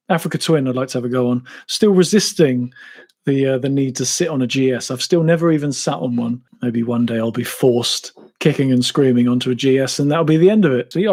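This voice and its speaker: A man's voice: medium pitch, a little mellow. A man in his thirties with an English accent from around Cambridge, chatting casually and self-mockingly while answering viewer questions on a live stream. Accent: English (Cambridge area). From England (Cambridge). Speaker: motorcycle YouTuber answering live Q&A.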